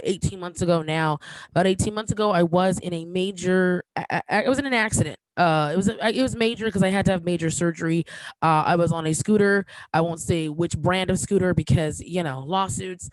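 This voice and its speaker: A woman's voice: medium pitch, no room sound, poor audio. A woman in her thirties hosts a podcast in a casual, candid way. She stops and restarts often and gets emotional, with a joke now and then. The recording is dry and close. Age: 30s. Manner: emotional, halting, many fillers and restarts; candid and joking. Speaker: podcast host.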